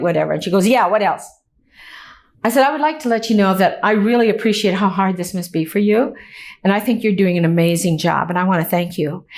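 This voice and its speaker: Woman speaker, middle-aged, earnest, storytelling, humorous asides, motivational talk. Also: fairly high pitch. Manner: earnest storytelling with warm humor, lively quoting. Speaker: inspirational speaker. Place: meeting or talk venue.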